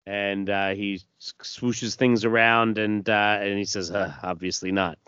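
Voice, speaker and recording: A man's voice: lowish voice, level tone, a little slow, bright, forceful tone, clean tone, dry recording. A man, host of the show, casually narrating a comic panel by panel, rambling with plenty of fillers. His voice is dull and lo-fi, and the recording is dry. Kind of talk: casual comic read-through.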